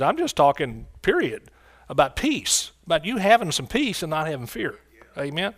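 Emphatic male preacher from the US, slightly high voice, repeats lines, calls to the crowd. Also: very animated, brisk, creaky, fairly bright tone. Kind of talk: sermon.

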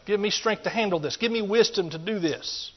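Folksy preacher, dull recording. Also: male voice, high-pitched, fairly quick. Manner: folksy, swings between loud emphatic points and quiet asides, calls out to the listeners. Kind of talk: sermon.

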